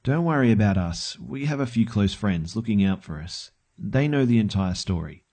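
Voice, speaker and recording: Low, mellow-voiced man narrating horror. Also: animated, normal speed. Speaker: storyteller. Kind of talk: scripted first-person horror narration.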